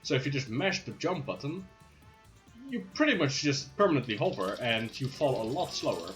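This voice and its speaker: A man's voice: mid-range voice, very animated, moderate pace, fairly bright tone, faint music behind. A man commentating his own speedrun live, playful and hyped, with jokey asides.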